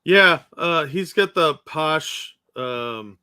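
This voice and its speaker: A man co-hosting a casual reaction show, adding relaxed, joking asides. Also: a little high, extremely slow, clear, resonant tone. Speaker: co-host reacting to a debate.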